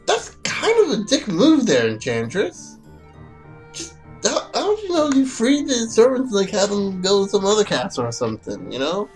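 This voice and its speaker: A man's voice: sits high, huge pitch swings, moderate pace, soft background music. A man giving casual, rambling, joking commentary over a video game. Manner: rambling, joking, many fillers. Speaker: let's play gamer.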